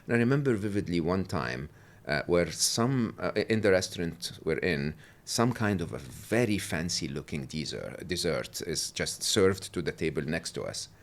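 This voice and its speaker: Animated middle-aged man, low gravelly voice. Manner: animated storyteller, laughs often; halting with fillers. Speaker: guest. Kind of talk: podcast interview.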